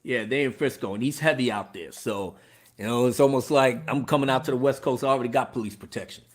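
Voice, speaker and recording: A man hosting a live stream in casual chat, animated and laughing, using street slang. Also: medium pitch, quick pace. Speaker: livestream host.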